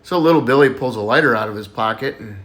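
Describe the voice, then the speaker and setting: A man's voice: mid-range voice, fast talker, fairly bright tone. A man telling dirty jokes in a casual, folksy storytelling way. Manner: folksy storyteller, plays each character with a raised voice. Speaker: joke teller.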